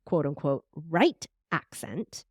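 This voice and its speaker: Expressive woman podcast guest, dry sound. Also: sits low, takes it slowly, husky, no room sound. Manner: expressive, animated, uses air quotes verbally. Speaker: podcast strategist and voice coach, guest. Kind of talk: conversational interview.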